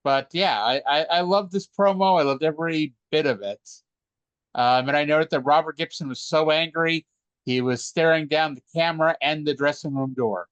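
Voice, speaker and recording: Joking podcast host, dry close sound. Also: male voice, a little high, moderate pace, fairly bright tone, clear, resonant tone, no room sound, muffled recording. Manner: joking, rambling. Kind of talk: casual chat.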